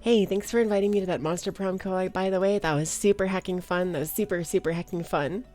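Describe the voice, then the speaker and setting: A young woman with a slight Valley Girl lilt chats with her live viewers in a bubbly, giggly way, greeting each of them by name. She speaks into a desk microphone. Soft music plays faintly in the background. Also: on the low side, steady tone, fast talker. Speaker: streamer. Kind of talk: casual chat with live viewers.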